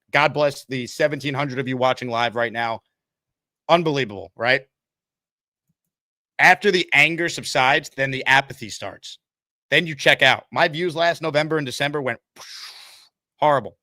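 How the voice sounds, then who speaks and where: A man hosts a live sports talk show, reading out viewer comments and taking calls. His voice is bright and forward. The sound is dry and close. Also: medium pitch, no echo. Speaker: host.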